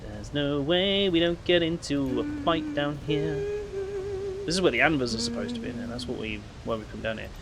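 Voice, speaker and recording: A man's voice: on the high side, sing-song, moderate pace, over music. A man chatting casually while playing a video game, laughing and tripping over names. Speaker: game streamer. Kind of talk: casual let's play commentary.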